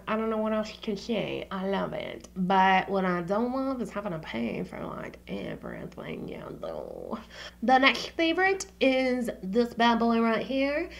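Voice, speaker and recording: A woman's voice: a little high, gravelly, fairly bright tone. A woman vlogging about her favorite beauty products in a casual, slangy chat, swearing freely and dropping into whispers for asides.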